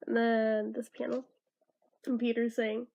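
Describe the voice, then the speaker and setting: A young woman with a high voice chats through a comic as a fan. She is animated and swears freely between the panels. She reads the characters' lines in a plain, offhand voice. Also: a little slow, gravelly, dull audio. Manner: animated, swearing, laughing asides. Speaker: fan reviewer reading a comic aloud. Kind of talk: casual comic read-through.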